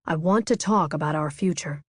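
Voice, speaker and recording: A woman reading a soft, earnest young man. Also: deep voice, moderate pace, slightly rough, no echo, studio quality. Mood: tender.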